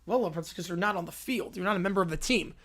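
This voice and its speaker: A man's voice: high voice, very fast, fairly bright tone, pitched below the performer's own voice. A man voicing a fed-up middle-aged football commentator who talks in a weary, sighing way. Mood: exasperated.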